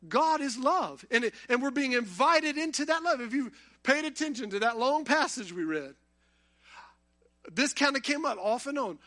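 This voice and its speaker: A man preaches a sermon in a high, bright, forceful voice. He talks to the congregation conversationally and builds to impassioned emphasis. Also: expressive, normal speed.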